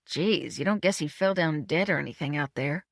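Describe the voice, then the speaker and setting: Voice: medium pitch, normal speed, vocal fry, dry recording, clean studio sound. A reader voicing an anxious male assistant director calling out across a film set. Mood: worried. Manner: shouting, anxious.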